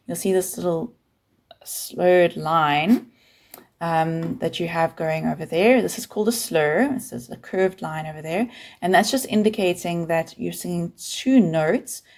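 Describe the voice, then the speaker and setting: Patient South African woman teaching keyboard. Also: fairly low pitch. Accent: South African English. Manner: calm, patient, counts beats aloud. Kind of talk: step-by-step music lesson.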